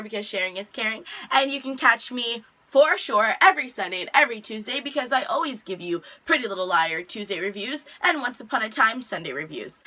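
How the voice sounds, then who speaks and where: A woman's voice: a little high, sharp tone. A woman vlogger chattily recapping a TV episode, retelling scenes with loose quotes.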